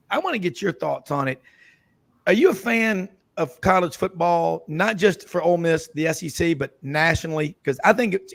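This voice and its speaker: A man with a slightly high, gravelly voice hosts a casual sports radio roundtable. He rambles and jokes, drifting into stories between questions. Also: a bit bright. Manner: rambling, jokey storyteller.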